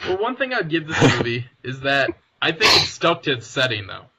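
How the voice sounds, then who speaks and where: A man's voice: medium pitch, sing-song, a little fast, very noisy. A young man hosting a casual film discussion podcast, chatty and eager as he sums up the plot. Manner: chatty, summarizes plot, frequent restarts. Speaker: podcast host.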